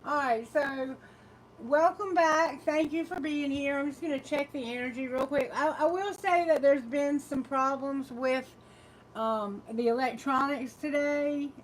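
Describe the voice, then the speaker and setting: Southern american woman, tarot reader, high voice, unhurried chatty delivery, faint background noise, phone mic. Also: low-quality recording. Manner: chatty, laughs often, greets viewers warmly. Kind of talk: live-stream chat with viewers.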